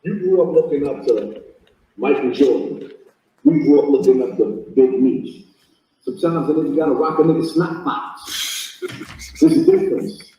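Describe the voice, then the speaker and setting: A man's voice: fairly high pitch, normal speed, pauses often, dark tone. A man in a played clip, talking boastfully and defiantly about his street life. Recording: echoey distant clip with animal noise.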